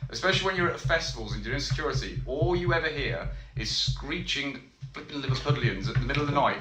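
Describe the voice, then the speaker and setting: A man's voice: mid-range voice, animated, quick pace, sharp tone. A man co-hosting a casual wrestling stream, chatty and blunt with his opinions. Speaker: co-host running the stream. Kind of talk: casual banter. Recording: echoey room with noise.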